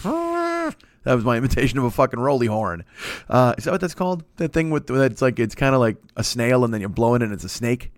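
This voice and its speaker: A man's voice: medium pitch, expressive, moderate pace, no room sound. A man in his forties talks alone into a studio microphone, wandering from thought to thought with plenty of swearing and self-mockery. His voice sits in an ordinary middle register. The sound is close and dry. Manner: rambling, profane, self-mocking. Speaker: podcast host. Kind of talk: casual solo podcast chat. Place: recording alone indoors.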